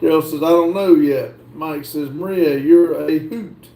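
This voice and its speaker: A man hosting a livestream, reading viewer comments aloud and answering them in a slow, drawling way. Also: a little high, warm tone. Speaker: livestream host reading chat. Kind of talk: casual chat. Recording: echoey room.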